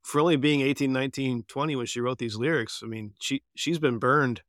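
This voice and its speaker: A man's voice: medium pitch, steady tone, brisk, a bit bright, no room sound, clean studio sound. A man hosting a podcast, chatting casually and loosely, often restarting his phrases. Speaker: podcast host.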